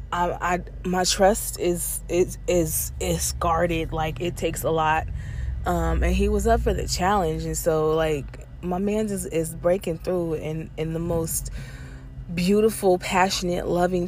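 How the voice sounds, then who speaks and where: A woman in her thirties with a low, darkish voice records her own podcast on her lunch break near an airport, with slight background noise. Her casual personal monologue is candid and emotional, with frequent fillers and laughs.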